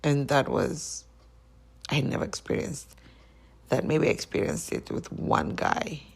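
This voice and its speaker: A woman with a strongly gravelly, creaky voice speaks openly and with feeling as she hosts her own podcast. Her delivery is a personal confessional monologue, and she acts out bits of old arguments as she goes. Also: low-pitched, steady tone, measured pace. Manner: emotional, candid, quoting past arguments. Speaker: podcast host.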